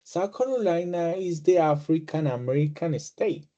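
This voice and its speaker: A man teaching English as a second language, a Spanish native speaker who explains with halting restarts and fillers, and laughs when he acts out greetings. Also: on the high side, lively intonation, warm tone, muffled recording. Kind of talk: casual online class explanation.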